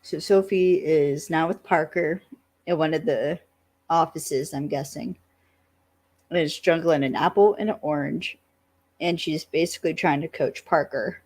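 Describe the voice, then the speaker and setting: Low, slow-talking Southern woman. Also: slightly rough. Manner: relaxed recap with fillers, laughs often. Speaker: podcast co-host. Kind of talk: casual chat about a TV show.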